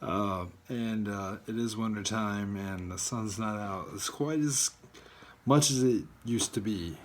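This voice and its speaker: A man ranting casually in a video blog from home, rambling and halting, with many fillers and swearing. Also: lowish voice. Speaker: fan vlogger. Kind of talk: casual rant.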